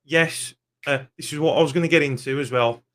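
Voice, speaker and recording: A man's voice: on the high side, brisk, a bit bright. A young man, ranting angrily and swearing bluntly in a football fan vlog. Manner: angry, swears often, blunt.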